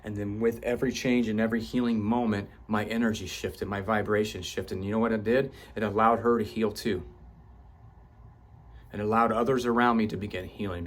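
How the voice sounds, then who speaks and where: Husky man giving a fervent self-help talk. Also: fairly low pitch, fairly even intonation, fairly quick. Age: 38 or older. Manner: intense, swears for emphasis, voice rising as he grows fervent. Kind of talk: passionate motivational monologue.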